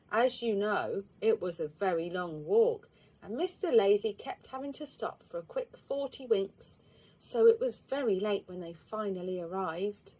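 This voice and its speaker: A woman, reading a children's storybook aloud in an expressive, lively way. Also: medium pitch.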